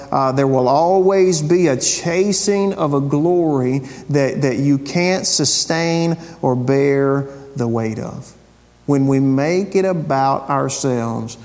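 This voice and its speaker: A man's voice: a little high, a little mellow. Preaching man in a reverberant hall. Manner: conversational preaching with repeated phrases and rhetorical questions. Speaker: pastor. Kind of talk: sermon.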